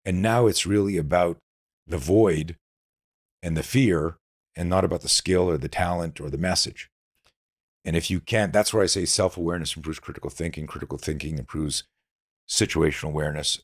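A middle-aged man with a very low, rough, husky voice talks as a guest on an interview show. He tells stories with energy and acts out both sides of the conversations in them. The sound is close and dry, with no room echo. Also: moderate pace. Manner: animated storyteller acting out dialogue. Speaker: podcast guest, self-defense instructor. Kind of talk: casual interview talk.

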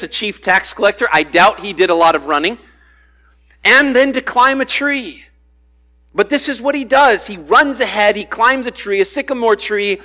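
A man's voice: high voice, pushed and bright. A man preaching a sermon in a conversational way, acting out the voices he quotes. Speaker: pastor.

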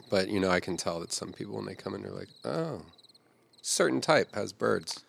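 A man co-hosting a comedy podcast, dropping dry deadpan jokes in casual chat. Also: on the low side, normal speed, vocal fry, a little hiss or hum. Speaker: podcast co-host.

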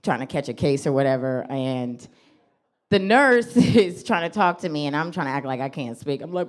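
Animated New woman telling a stand-up story. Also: moderate pace. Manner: animated, acts out her own quotes with big pitch jumps and laughs. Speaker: stand-up comedian. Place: comedy club stage.

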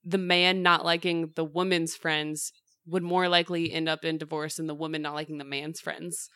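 A woman's voice: deep voice, little pitch movement, moderate pace, pushed and bright, clear, resonant tone, no room sound, clean studio sound. A woman hosting a casual chat about a study, talking in a chatty way with many fillers.

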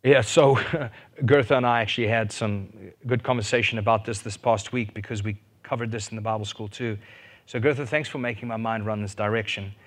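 A man preaching a sermon, animated, rising to loud fervent peaks and asking his listeners questions. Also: lowish voice, a little fast. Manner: asks the audience questions and jokes.

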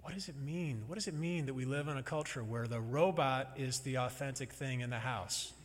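Guy preaching, chatty and wry, mid-pitched voice, big hall echo behind him. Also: fairly quick. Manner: conversational, wry and reflective. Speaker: pastor. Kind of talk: sermon. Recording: long reverb of a large hall.

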